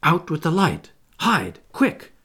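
An earnest, bossy young boy who speaks with emphasis, voiced by a man reading aloud. The voice sits high and loud, and there is a gravelly edge under it. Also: sing-song, brisk, full character voice.

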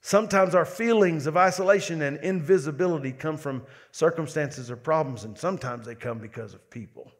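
A man preaching from the pulpit with a slightly high voice. He builds his points with rising emphasis, doubling words as he presses on. He slips in quick, wry asides between the serious passages. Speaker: lead pastor. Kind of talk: sermon.

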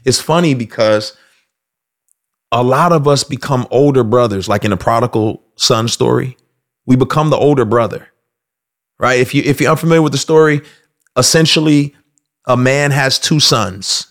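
A man hosting casual faith commentary, telling stories in an animated way and slipping into acted voices. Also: mid-range voice, normal speed. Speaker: host.

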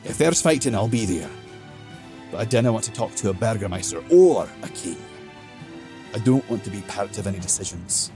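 Brief: male narrator doing a grumbling old Scots dwarf, loud and bristling. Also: on the low side, expressive, normal speed, faint music behind. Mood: defiant. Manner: gruff, blustering. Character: fat concussed old male dwarf, gruff and bitter.

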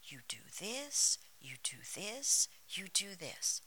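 A woman's voice: mid-range voice, big pitch swings, takes it slowly, pushed and bright, breathy edge, exaggerated voice. A woman imitating a patient male associate pastor. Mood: patronizing.

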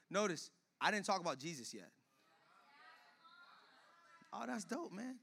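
Young male pastor, high ringing voice, animated sermon full of acted-out street-talk scenes. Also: a little slow, creaky, pauses often, breathy edge. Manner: animated, acts out little scenes in casual slang. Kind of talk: energetic sermon.

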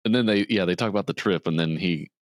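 Low-voiced guy chatting about a movie, quotes lines in a silly higher voice, dry close mic. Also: fast talker, no echo. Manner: retells scenes, acting out quotes in a higher voice. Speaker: podcast co-host. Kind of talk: casual movie recap chat.

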